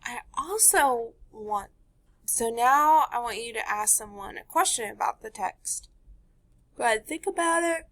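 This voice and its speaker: Slow, gentle woman teacher reading aloud. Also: fairly high pitch, animated. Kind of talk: reading a picture book aloud to children.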